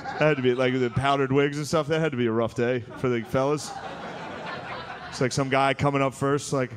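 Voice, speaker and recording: A man doing a crude stand-up comedy set, saying "dude" a lot and jumping into high-pitched quoted voices. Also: steady tone, a little fast. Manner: crude, loose delivery with frequent "dude" and sudden high-pitched acted quotes. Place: comedy venue with a laughing audience. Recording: live club recording with crowd noise. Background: audience laughter.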